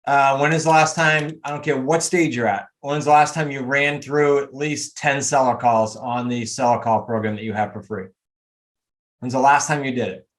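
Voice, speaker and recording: Man, real estate coach, emphatic, motivational, video call, mid-pitched voice. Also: steady tone. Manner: emphatic, motivational, rapid asides.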